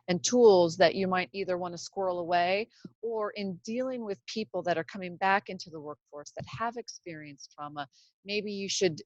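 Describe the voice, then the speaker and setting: A woman in her fifties from Seattle, USA, speaks in a lowish voice with no room sound, and the highs are cut off. She hosts a casual podcast monologue from her home closet, chatty, rambling, and self-deprecating.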